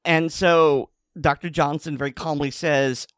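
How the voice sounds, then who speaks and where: A man's voice: a little high, fairly even intonation, measured pace, fairly bright tone, clear, resonant tone, dry recording, studio quality. A man co-hosting a podcast, retelling a news story in a casual, sardonic way. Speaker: podcast co-host. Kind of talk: casual chat.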